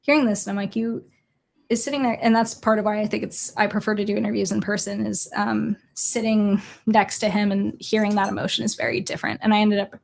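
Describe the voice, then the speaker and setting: A young adult woman from Chicago, a journalist guest, telling a story in an earnest, halting way with quoted dialogue. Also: mid-range voice, level tone, creaky. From Chicago, USA. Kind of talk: storytelling in a conversational interview.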